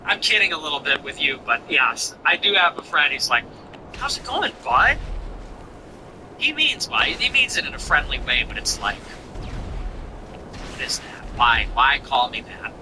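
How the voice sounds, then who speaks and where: Sarcastic male livestream host, lively pitch. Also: a little fast, few pauses, background noise. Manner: sarcastic, mocking, swings pitch for effect. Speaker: show host. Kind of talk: casual livestream chat reading donations.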